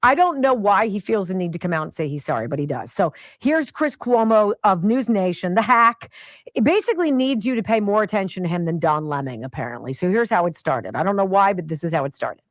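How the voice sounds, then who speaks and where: A woman's voice: medium pitch, very animated, a little fast, no room sound. A woman hosting a talk radio show, giving indignant, opinionated commentary and addressing people directly.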